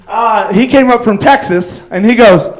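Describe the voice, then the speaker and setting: A man's voice: high voice, moderate pace, low-quality recording. A man doing a stand-up set on a club stage, telling rambling stories full of fillers and acted-out quotes. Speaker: stand-up comedian.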